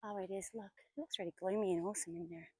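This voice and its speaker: A woman in her forties talks on a casual vlog as she walks through woods, chatty and storytelling. Her voice sits at an ordinary middle pitch, and now and then she drops to a whisper. The sound is close and dry, with no echo. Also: steady tone, fast, warm tone, breathy edge. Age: 40s. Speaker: vlogger. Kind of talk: casual walking vlog narration. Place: outdoors in woodland.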